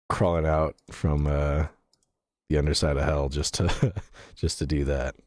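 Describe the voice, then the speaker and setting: A man's voice: very deep voice, little pitch movement, slow pace, pauses often, a little mellow, dry recording, clean studio sound. A man streaming a game, chatting casually with viewers and reading out their messages, laughing often and swearing casually, with lots of fillers. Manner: rambling, with fillers and self-corrections.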